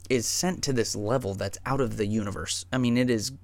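A young man telling a comedic story, profane and animated, swinging from loud rants to hushed retellings. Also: mid-range voice, moderate pace, few pauses, dry recording. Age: young adult.

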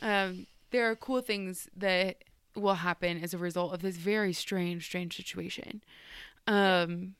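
A young woman shares reflective thoughts in a casual faith chat, pausing on fillers. Her voice is lowish, smooth and resonant. The recording is dry and close. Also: steady tone, dry recording. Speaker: podcast co-host.

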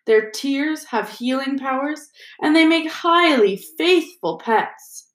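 A woman voicing an old male wizard headmaster who speaks slowly, gently and with measured calm. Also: high-pitched, roomy sound, pitched above the performer's own voice. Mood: explaining.

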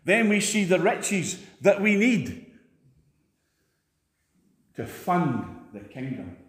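Male preacher, emphatic, high-pitched, echoey church, rousing sermon delivery. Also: sing-song, slow pace, fairly bright tone.

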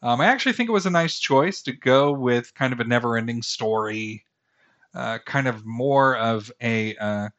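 A man's voice: mid-range voice, fairly bright tone. Rambling self-deprecating male podcast host. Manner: rambling, self-deprecating, with many fillers and restarts. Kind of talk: casual solo podcast commentary.

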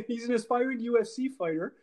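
A middle-aged man riffs on movies in a casual co-host chat, animated and full of asides. His voice is fairly high for a man, and he talks in rapid bursts. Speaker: podcast co-host.

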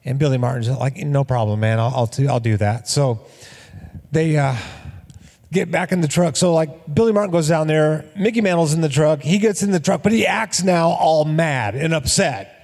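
A man's voice: fairly high pitch, moderate pace, long reverb tail. A man preaching a sermon as pastor, telling stories energetically and acting out the quotes. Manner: energetic storytelling with acted-out quotes.

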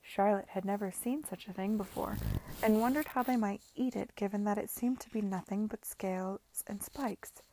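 A woman's voice: medium pitch, normal speed, warm tone, a little hiss or hum. A woman reading a novel aloud to friends, casually, often stumbling over words and correcting herself. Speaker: reader.

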